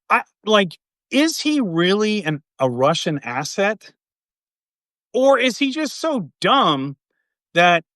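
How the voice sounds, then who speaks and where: A man's voice: high voice, fairly bright tone, no room sound, clean studio sound. A man hosting casual political commentary, rambling and sarcastic, with many fillers and restarts.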